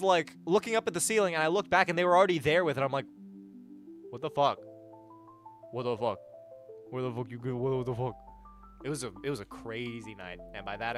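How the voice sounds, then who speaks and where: A young adult man streaming live, chatting casually with viewers in a rambling, profane, animated way. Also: a little high. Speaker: livestreamer.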